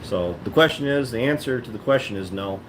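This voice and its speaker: A man's voice: mid-range voice, expressive, brisk. A man, a farmer, chatting casually to his viewers in a rambling, plainspoken way with frequent restarts. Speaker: farmer vlogger. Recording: noisy ambient background.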